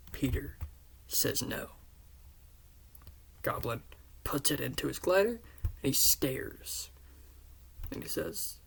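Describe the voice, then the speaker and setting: A man earnestly retelling the scenes of a story pitch he wrote, often dropping into hushed half-whispers. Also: a little slow, vocal fry, pauses often, breathy edge. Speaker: fan pitching a series.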